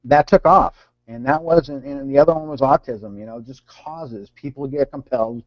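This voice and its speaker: A man running an online team training session. He speaks earnestly and haltingly, restarting and repeating words as he goes. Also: medium pitch, no echo. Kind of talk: live online training talk. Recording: dull, dry lo-fi call audio.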